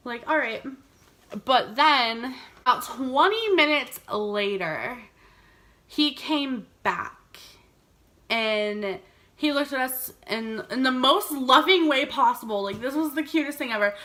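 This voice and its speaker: A woman's voice: a little high, animated, a little slow, pushed and bright. A young woman vlogger telling a storytime, chatty and giggly, saying "like" all the time. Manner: chatty, heavy use of "like", giggly. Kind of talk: storytime vlog.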